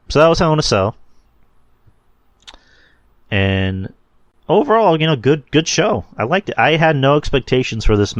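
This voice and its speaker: A man's voice: on the low side, no room sound, muffled recording. A man hosting a solo podcast, rambling casually with lots of fillers and the odd swear word. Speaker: podcast host reviewing wrestling.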